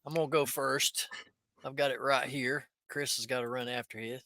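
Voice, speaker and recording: A man's voice: mid-range voice, little pitch movement, normal speed, pushed and bright, no echo. A man hosting a casual podcast, upbeat and steering the show between segments. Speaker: podcast host.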